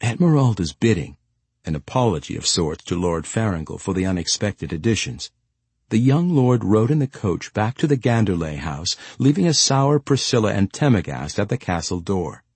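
Low husky male narrator, lively intonation, measured fantasy audiobook read. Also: dry recording. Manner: expressive, measured storytelling.

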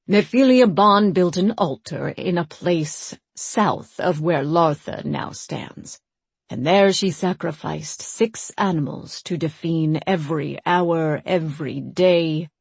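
A woman reading the lines of an ancient male priest who tells an old tale calmly and at a measured pace. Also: on the low side, vocal fry, breathy edge, no echo, heavily acted. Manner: calm, measured storytelling.

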